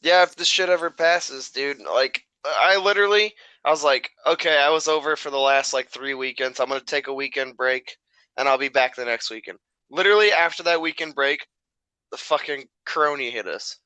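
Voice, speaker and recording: A man's voice: mid-range voice, normal speed, sharp tone, clean tone, no room sound, low-quality recording. A young man who is a podcast guest, chatting casually and chiming in with short laid-back reactions. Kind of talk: casual chat.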